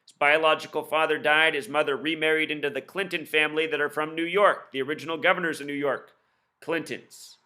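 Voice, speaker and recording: A man explaining his theories in a solo video, rattling off numbers quickly and insistently, with scornful asides. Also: a little high, steady tone, pushed and bright. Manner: rapid-fire, insistent, admits talking too fast; lists numbers and codes in rapid bursts. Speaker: video commentator.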